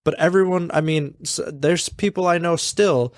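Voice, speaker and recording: A man's voice: fairly high pitch, moderate pace, no room sound, clean studio sound. A man co-hosting a podcast, speaking bluntly and swearing in casual storytelling chat. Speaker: podcast co-host.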